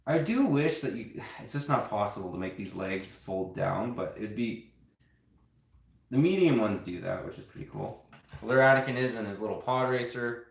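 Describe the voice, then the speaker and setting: A man's voice: fairly low pitch, lively intonation, moderate pace, vocal fry. A man chatting casually on a live stream, rambling to his viewers as he builds and shows off toy sets. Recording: roomy home room echo.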